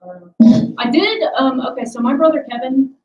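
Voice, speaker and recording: A woman's voice: high voice, normal speed, dull audio. A young adult woman hosting a casual livestream, rambling and self-deprecating as she chats with her viewers. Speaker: livestream host.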